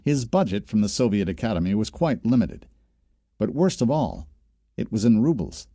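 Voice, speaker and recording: A male audiobook narrator with a low, mellow voice, reading in a steady, measured way. The sound is close and very dry. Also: no echo. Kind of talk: scripted narration.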